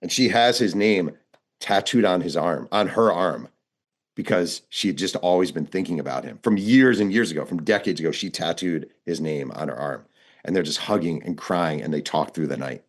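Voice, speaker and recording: A male author being interviewed, telling his reporting stories in a lively, narrative way and acting out the people he quotes. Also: sits low, normal speed. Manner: vivid narrator, acts out quoted dialogue. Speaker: author and guest. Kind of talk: storytelling interview answers.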